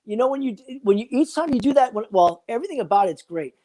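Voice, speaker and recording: A man's voice: extremely high pitch, lively intonation, fast talker, mellow. An older man joking and rambling profanely as a guest on a live stream, calling in from his phone. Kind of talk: casual live-stream chat.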